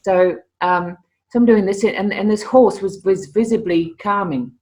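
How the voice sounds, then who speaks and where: A middle-aged woman, a guest telling stories in a casual interview, lively and often repeating words as she starts a sentence. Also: medium pitch, measured pace. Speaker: interview guest, animal communicator.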